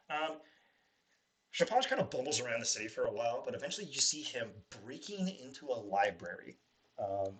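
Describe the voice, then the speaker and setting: Man narrating as a game master. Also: mid-range voice. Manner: casual, chatty narration with fillers.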